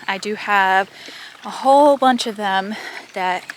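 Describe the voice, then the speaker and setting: A woman's voice: mid-range voice, slow pace, slight background noise. A woman chatting casually as she walks around her farm, a bit out of breath, rambling and laughing now and then. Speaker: farm vlogger. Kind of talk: casual vlog chat. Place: outdoors on a farm.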